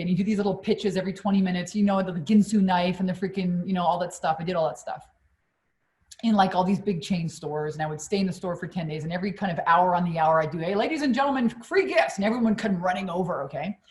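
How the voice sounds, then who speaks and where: A middle-aged woman coach on a live stream, telling a personal story in an animated, blunt way and swearing freely. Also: fairly low pitch, fast talker. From Quebec, Canada.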